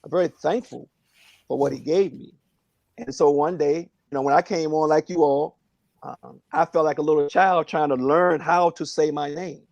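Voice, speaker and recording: Earnest man with a gravelly voice. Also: fairly high pitch, a little mellow, dry recording, dull audio. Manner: earnest, reflective, halting with fillers. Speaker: prayer line speaker. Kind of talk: casual testimony on a phone prayer line.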